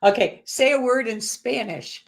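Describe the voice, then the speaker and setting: Giggly woman host asking quick questions. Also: on the high side, animated, creaky. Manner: upbeat and giggly, firing quick quiz questions. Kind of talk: casual interview chat.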